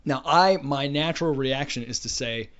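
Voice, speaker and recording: A man's voice: mid-range voice, moderate pace, fairly bright tone. A father co-hosting a casual podcast, telling anecdotes with frequent restarts. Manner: anecdotal, storytelling, hesitant restarts. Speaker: podcast co-host. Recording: dull lo-fi podcast audio.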